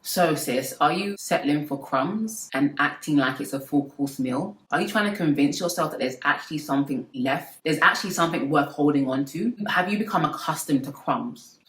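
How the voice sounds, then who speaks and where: A young woman giving relationship advice to her viewers in a lively, preachy way with playful asides. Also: sits low, normal speed, hardly any pauses, echoey room, low-quality recording. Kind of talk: casual advice talk to camera.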